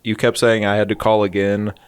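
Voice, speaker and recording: A man's voice: on the low side, level tone, fairly quick, smooth, dry recording. Rambling jokey man, dry close sound. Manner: rambling storyteller, jokey asides. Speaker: podcast co-host. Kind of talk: casual comedic chat.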